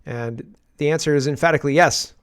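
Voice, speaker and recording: A man's voice: a little high, fairly quick, clear, resonant tone. A man hosting casual political commentary, ranting in an exasperated way and addressing the viewer directly.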